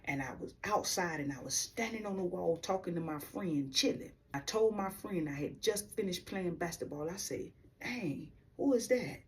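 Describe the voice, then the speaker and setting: A woman with a deep, low-pitched voice tells her personal faith testimony in a candid, slangy storytelling way. She talks straight to her viewers as she goes. Her voice sounds set back from the mic. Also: moderate pace, hardly any pauses, recorded from a distance. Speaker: vlogger sharing a faith testimony.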